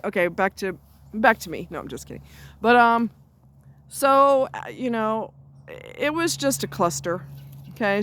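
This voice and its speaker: A woman's voice: mid-range voice, slight background noise. Woman, vlogger. Blunt, chatty storyteller recorded outdoors on a phone. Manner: blunt, salty and chatty, with frequent asides. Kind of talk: casual storytelling chat. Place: outdoors near a road, walking a dog.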